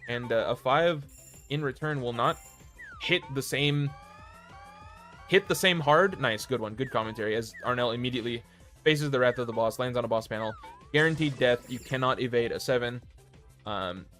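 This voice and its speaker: A man live-commentating a board video game on his stream, calling each move in quick play-by-play with self-deprecating asides. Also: mid-range voice, a bit bright, soft background music. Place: home streaming setup.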